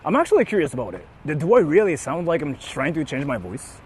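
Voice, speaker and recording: A man's voice: fairly high pitch, huge pitch swings, fast, darkish tone, a little hiss or hum. A young man chatting casually on a stream from a car, reading donations, playful and sweary.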